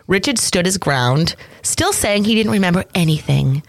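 A woman co-hosting a true crime podcast, reading out case details and breaking in with quick reactions and jokes. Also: fairly low pitch, lively intonation, no echo. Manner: reads case notes then jokes and comments. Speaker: podcast co-host.

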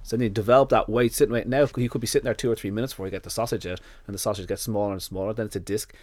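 A man's voice: fairly low pitch, racing, no echo. An Irish man, a dog nutritionist, telling stories in a casual podcast chat, acting out little scenes in a blunt, earthy way. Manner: animated storyteller who acts out little scenes.

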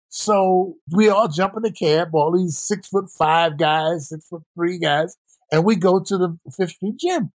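Older man telling lively stories, dry sound. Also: high voice, a little slow, no echo. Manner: animated, acts out quoted voices. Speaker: guest, former basketball player and coach. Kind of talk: storytelling interview answer.

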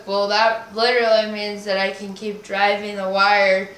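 A woman's voice: mid-range voice, flat delivery, normal speed, a bit bright. Rambling, swearing woman in a roomy echo. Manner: rambling, swearing, invents nonsense words. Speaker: podcast guest. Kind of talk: casual rambling chat. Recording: roomy echo, faint noise.

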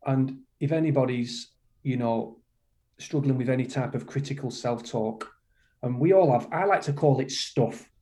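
Passionate man with a warm, mellow voice. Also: medium pitch, moderate pace. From United Kingdom. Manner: passionate, emphatic, repeats phrases, calls the listener "man". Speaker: guest, kindness coach and motivational speaker. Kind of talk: podcast interview conversation.

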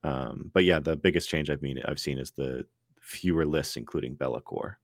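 Very deep man on a dry mic. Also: moderate pace, no room sound. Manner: steers the talk, filler-heavy. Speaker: podcast host. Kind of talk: casual chat.

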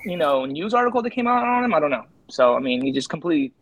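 A man, a street photographer on a podcast, telling lively stories in casual talk and jumping higher in pitch as he retells moments. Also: quick pace, no room sound. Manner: animated, jumps to high pitch when retelling. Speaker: street photographer and interview guest. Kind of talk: casual storytelling.

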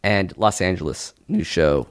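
A man's voice: low-pitched, a little slow, smooth, no room sound. A man co-hosting a comedy podcast, chatting casually with frequent laughter and joking riffs. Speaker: podcast co-host.

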